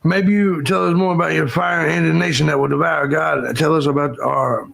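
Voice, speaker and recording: A man's voice: fairly high pitch, steady tone, fairly quick, creaky, a bit bright, poor audio. A man hosting a livestream, talking bluntly and profanely and thanking viewers for donations in casual commentary. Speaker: livestream host.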